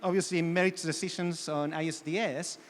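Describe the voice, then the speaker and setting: A man with a fairly high voice talks through a point on a conference panel, hedging with frequent fillers and self-corrections. His voice carries a long reverb from the hall. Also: steady tone, moderate pace. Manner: hedging, many "you know" fillers. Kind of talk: panel discussion.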